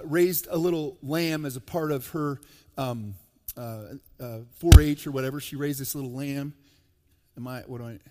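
Man, pastor, sermon, animated, joking asides, loud-to-soft swings, somewhat high voice, long hall echo. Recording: long reverb of a large hall.

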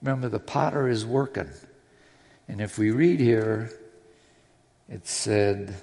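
A man's voice: lowish voice, slow pace, creaky, pauses often, a little mellow. A man preaching a sermon in a church, earnest and personal, with readings from scripture. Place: church sanctuary. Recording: long hall reverb.

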